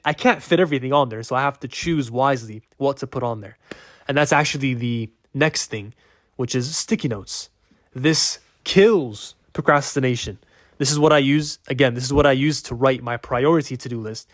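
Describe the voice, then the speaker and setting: Man, mid-pitched, dry close sound; blunt, slangy coach type for a casual advice vlog. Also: dry recording. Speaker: productivity coach. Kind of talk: casual talking-head advice.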